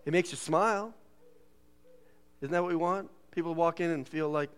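A man's voice: fairly high pitch, normal speed. A man preaching a sermon in a church, joking and laughing often and putting on voices when he quotes people. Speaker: pastor. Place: church sanctuary.

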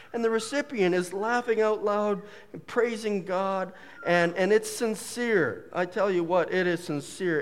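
A man preaching a casual, jokey sermon as a pastor, full of folksy asides and quick humor. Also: high-pitched, in a large hall, slight background noise. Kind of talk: conversational sermon.

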